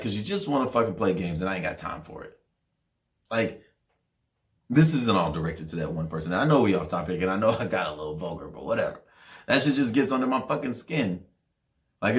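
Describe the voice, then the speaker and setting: A young man hosting a podcast, ranting in a heated, profane way, with loud outbursts and low mutters. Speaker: podcast host.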